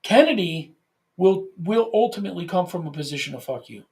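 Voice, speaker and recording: Gravelly, animated man podcasting. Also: high-pitched, brisk. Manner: animated, swears freely, restarts phrases. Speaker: podcast co-host. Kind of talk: casual podcast chat.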